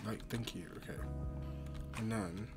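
A man's voice: fairly low pitch, unhurried, over music. A young man hosting his gaming channel, chatting casually through the game, flustered and making fun of himself. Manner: chatty, flustered and self-mocking.

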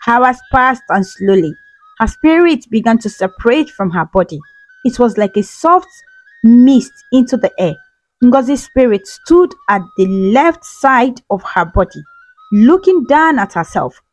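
A woman's voice: fairly high pitch, dry recording, rough recording. A woman storyteller giving scripted, dramatic narration of a folktale. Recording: soft music behind.

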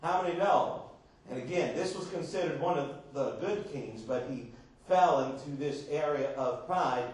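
Male pastor, emphatic sermon delivery, high voice, far from the mic in a booming echoey church. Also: moderate pace, darkish tone. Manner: emphatic preaching with rhetorical questions to the congregation.

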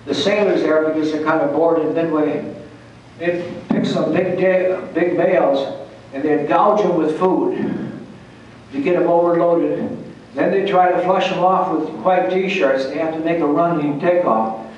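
A man's voice: fairly high pitch, fairly even intonation, measured pace, darkish tone, muffled recording, slight background noise. An older man, a retired Air Force pilot, telling folksy, salty stories with restarts and chuckles to a meeting audience. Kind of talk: casual storytelling to an audience. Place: large hall at a historical society meeting. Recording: distant, very echoey hall recording.

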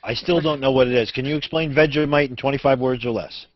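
A man's voice: medium pitch, fast talker, no room sound. Bantering man on a dry web call. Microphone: video call mic. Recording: dry, dull video call audio.

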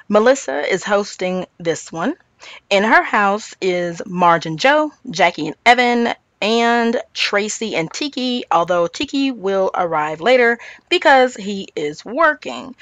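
This is a woman giving a casual recap and review of a reality show. She takes her time, speaks in a middle pitch for a woman, and speaks her opinions straight to her viewers. The sound is dry, with no room around it. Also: fairly bright tone, dry recording.

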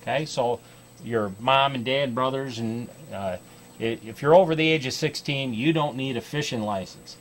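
A chatty American man hosting a public-access fishing show for kids. He talks in a folksy, rambling way, full of uhs and restarts, at an ordinary pitch. A faint hiss sits under his voice. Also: moderate pace. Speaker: host of a kids' fly fishing show. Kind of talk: casual talk to camera. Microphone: TV studio microphone.

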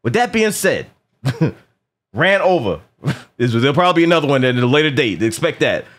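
A man chatting casually in a movie review, animated and profane, often repeating words and acting out lines from the film. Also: mid-range voice, moderate pace.

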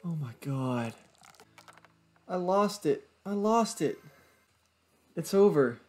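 A man's voice: fairly high pitch, expressive, slow, darkish tone. Exasperated young man groaning over gameplay. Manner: exasperated, swearing, groaning at bad luck. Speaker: gaming YouTuber. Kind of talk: gameplay commentary.

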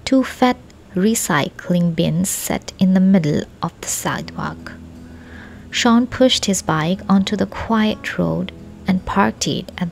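A woman narrating a children's story in a slow, deliberate reading, now and then dropping into a soft whisper. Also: fairly low pitch, vocal fry. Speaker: audiobook narrator.

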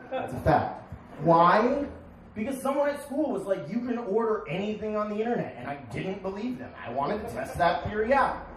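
A young man performing a stand-up comedy set on a bar stage, with deadpan punchlines and sudden shouted bits. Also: on the high side. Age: young adult. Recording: echoey bar, crowd noise, distant. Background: crowd laughing.

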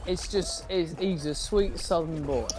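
A man's voice: fairly high pitch, a little slow, a crowd in the background. Chatty man on a gaming voice call. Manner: chatty, tells stories about friends. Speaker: friend in the gaming group. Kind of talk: casual gaming chat over voice call.

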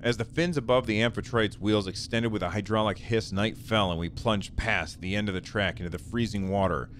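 A man's voice: fairly low pitch, fairly even intonation, a little fast, a bit bright, a little hiss or hum. A man hosting a gaming video, reading a text game aloud and chatting, stumbling over words and joking about himself. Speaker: gaming channel host.

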